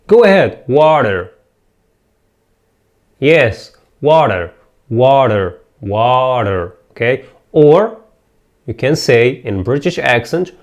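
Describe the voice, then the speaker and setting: A man's voice: medium pitch, expressive, brisk. A man teaching English pronunciation, repeating each word and asking learners to say it back after him. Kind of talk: pronunciation drill lesson.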